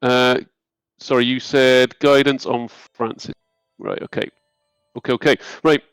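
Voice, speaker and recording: A man's voice: mid-range voice, level tone, unhurried, a bit bright, clean tone, no room sound, faint music behind, low-quality recording. A man narrating as game master, hesitant with many ums.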